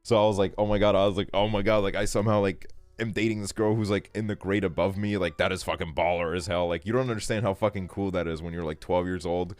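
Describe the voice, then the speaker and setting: A man's voice: sits low, fairly even intonation, quick pace, hardly any pauses, dry recording. A young man streaming a game, telling a casual story in a rambling way, full of fillers and swearing. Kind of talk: casual storytelling while gaming.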